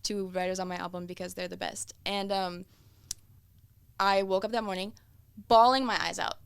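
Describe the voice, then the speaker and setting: A young woman, a singer, telling her story in a casual interview, animated and peppered with swearing. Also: mid-range voice, normal speed, gravelly, smooth. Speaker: guest singer.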